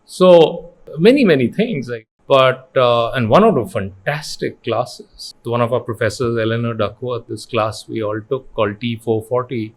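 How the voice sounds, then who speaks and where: A man's voice: medium pitch, normal speed, hardly any pauses. A middle-aged man from India with an Indian English accent, a company founder telling stories earnestly in an interview and mixing in Hindi phrases. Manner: earnest, animated storyteller who acts out quotes. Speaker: education company founder, guest.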